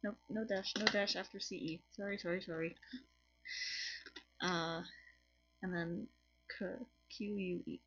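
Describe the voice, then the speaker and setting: A woman's voice: medium pitch, fairly even intonation, unhurried, long pauses, fairly bright tone, highs cut off, faint music behind. A tired woman with a French accent teaching a casual lesson to camera, chatty and apologetic, often restarting her sentences. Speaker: language teacher on her own channel. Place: home room with colored lights.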